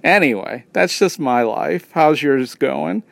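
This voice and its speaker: A man's voice: a little high, lively intonation, takes it slowly, vocal fry, dry recording. A man ranting casually in a rambling, profane and sarcastic way. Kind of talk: casual rant.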